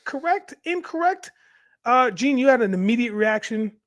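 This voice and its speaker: Mid-pitched moderator, firm, keeps sports chat on track. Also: lively intonation, moderate pace, dry recording, studio quality. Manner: firm, steering discussion. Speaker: show host, moderator.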